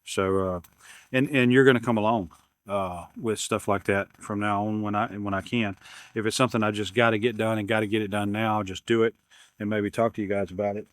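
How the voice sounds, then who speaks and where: A man's voice: fairly low pitch, fairly even intonation, a little fast, no room sound, studio quality. A man, rambling casually as he unboxes gear at his workshop bench. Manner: rambling, repeats words, self-deprecating humor. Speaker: YouTube maker unboxing camera gear.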